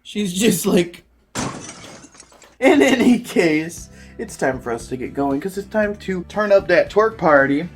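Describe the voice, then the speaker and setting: A woman's voice: fairly low pitch, animated, measured pace, soft background music. A young woman co-hosting a casual home vlog, teasing and laughing often, recorded on a camera mic at home. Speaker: vlog co-host.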